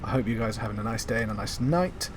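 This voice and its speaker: A man's voice: on the low side, expressive, fast talker, slight background noise. A young man hosting his gaming channel, chatting casually over gameplay in a rambling way, full of ums and the odd swear word. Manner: rambling, filler-heavy, sweary.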